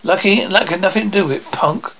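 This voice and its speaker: Gruff short-fused cartoon dad, middle-aged, gravelly. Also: male voice, high-pitched, fast, a bit bright, a little hiss or hum, poor audio. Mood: scornful. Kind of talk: animated sitcom voice acting.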